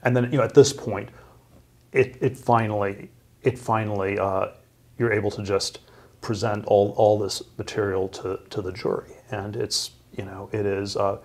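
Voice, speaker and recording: A middle-aged man speaks as an interview guest, his voice gravelly with a husky edge. He talks haltingly, circling back with ums, uhs and restarts as he tells his story. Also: lowish voice, little pitch movement, darkish tone. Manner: halting, many fillers and restarts.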